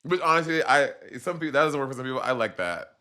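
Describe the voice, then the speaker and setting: A man's voice: mid-range voice, fast talker. A man with a Caribbean accent chatting sassily to viewers on a casual live stream. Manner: sassy, animated, chatty with viewers.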